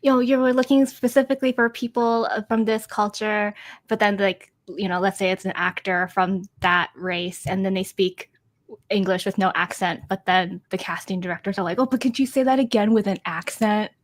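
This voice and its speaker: A woman co-hosting a podcast in casual chat, speaking in an earnest, measured way. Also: medium pitch, little pitch movement. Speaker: podcast co-host.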